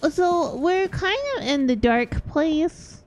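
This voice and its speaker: A young woman chats her way through a game stream, excitable and gushing, with little squeals of delight. Her voice sits a bit high, and she talks at a leisurely, unhurried pace. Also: a little hiss or hum. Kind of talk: casual gameplay chat.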